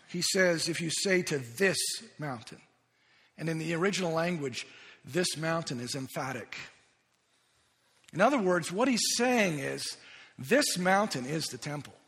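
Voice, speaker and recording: A man's voice: a little high, a bit bright. A man preaching a sermon as pastor, earnest and emphatic, often restarting and repeating his words. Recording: long reverb of a large hall.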